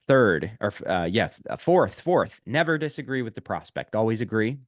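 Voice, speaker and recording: A man teaching a video lesson on sales prospecting, talking emphatically, repeating his key points and pausing on "uh" and "um". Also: fairly low pitch, very animated, no room sound, studio quality.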